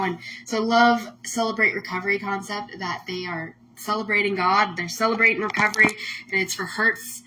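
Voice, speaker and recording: A woman's voice: medium pitch, bright, forceful tone, a little hiss or hum, rough recording. A woman host talking casually on a livestream, emotional and rambling, full of "like" fillers. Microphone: phone or webcam on a livestream.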